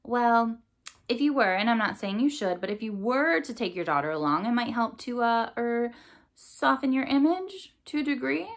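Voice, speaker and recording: A woman's voice: fairly high pitch, expressive, normal speed, pitched above the performer's own voice. A cautious male crow assistant from a storybook, hedging every suggestion and stumbling with filler sounds, as a woman reading aloud plays him. He talks carefully to a stern boss. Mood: hesitant. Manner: hesitant, hedging.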